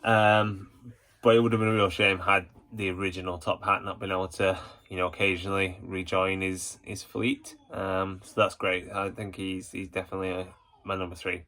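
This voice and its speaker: A man with a low, bright-edged voice hosts a casual ranking vlog. He rambles warmly as an enthusiastic fan, circling back with hesitations and filler. His delivery stays fairly level in pitch, with little rise and fall. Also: flat delivery, normal speed. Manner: rambling, full of hesitations and "you know". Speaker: YouTube channel host.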